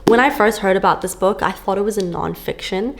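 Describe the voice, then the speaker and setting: A woman's voice: medium pitch, brisk. A woman book vlogger chatting casually to camera, gushing and full of fillers, filmed at home on a camera on a stand.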